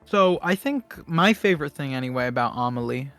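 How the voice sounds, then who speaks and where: A man's voice: medium pitch, lively intonation, fairly quick, fairly bright tone, no room sound, soft background music. Rambling young man chatting about films. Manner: rambling, filler-heavy, lots of restarts. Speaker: podcast host. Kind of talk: casual film discussion.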